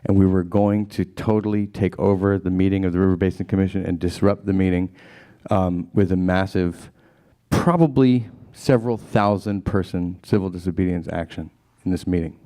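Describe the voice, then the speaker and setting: A man's voice: deep voice, moderate pace, hardly any pauses, mellow. A man, a documentary filmmaker, talking to a live audience in an earnest, plain-spoken way. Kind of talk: storytelling at a live gathering.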